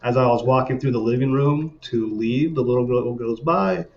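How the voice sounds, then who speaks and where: A man's voice: mid-range voice, fairly even intonation, fairly quick, darkish tone. A man in casual conversation, rambling through eerie personal stories with many fillers, guest on a paranormal podcast. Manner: rambling, laid-back, frequent fillers. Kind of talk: casual storytelling. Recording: dull lo-fi sound.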